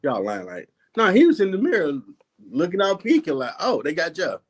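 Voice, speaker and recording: Host, man, 40s, high lively voice, animated storyteller who does everyone's voices. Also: a little fast. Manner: animated, laughing, acts out quoted voices. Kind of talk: casual storytelling chat.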